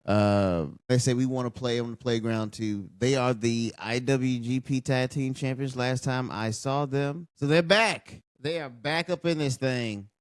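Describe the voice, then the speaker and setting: A man's voice: medium pitch, measured pace, hardly any pauses, dry recording, studio quality. Blunt, profane man ranting. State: tired late at night. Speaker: wrestling show reviewer. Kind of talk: casual ranting commentary over a live show. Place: at home, late at night.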